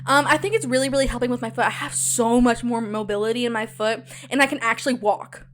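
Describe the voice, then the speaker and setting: A young woman in college hosting a casual solo podcast, talking chattily and animatedly straight to her listeners, with a loud cackling laugh. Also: on the high side, steady tone, brisk, music in the background. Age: young adult. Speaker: podcast host.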